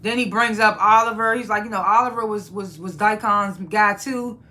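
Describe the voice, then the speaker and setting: A woman's voice: mid-range voice, steady tone, moderate pace, sharp tone. Blunt, profane woman recapping a TV episode. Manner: blunt and profane, retells scenes by acting out characters' lines. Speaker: TV review channel host. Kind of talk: casual spoken episode recap and review.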